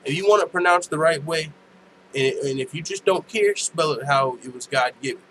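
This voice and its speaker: A man's voice: fairly high pitch, normal speed, fairly bright tone, a little hiss or hum, poor audio. A young man hosting a casual live stream from home, talking loosely and profanely with frequent laughs. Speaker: host. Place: home room.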